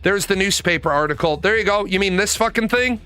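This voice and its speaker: A man's voice: sits high, brisk, bright, forceful tone, clean tone. A young man telling a personal story as a rant, swearing and exasperated. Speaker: host.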